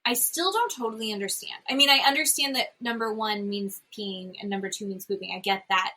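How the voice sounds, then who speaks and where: A woman's voice: medium pitch, brisk, pushed and bright, husky, low-quality recording. A woman co-hosting a podcast, chatting casually and retelling scenes with quoted voices. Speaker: podcast co-host. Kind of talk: casual chat recapping a reality show.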